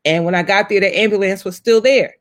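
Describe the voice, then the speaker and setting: Animated storytelling woman in her forties. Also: fast. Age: 40s. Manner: animated storyteller, acts out voices with big pitch jumps. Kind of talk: casual heartfelt conversation.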